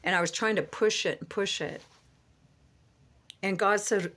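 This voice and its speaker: A woman's voice: mid-range voice, steady tone, measured pace, long pauses, fairly bright tone. A woman vlogger sits in a car and delivers a fervent religious monologue. She talks earnestly and rambles, often restarting with "you know.". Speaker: Christian vlogger.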